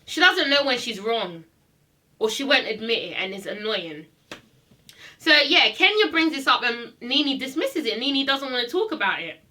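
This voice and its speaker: Her slightly high voice is sing-song, pushed and bright, at a moderate pace. Recapping a reality TV episode as a reviewer, she delivers a blunt, sassy, casual rant full of free swearing and emphatic repetition.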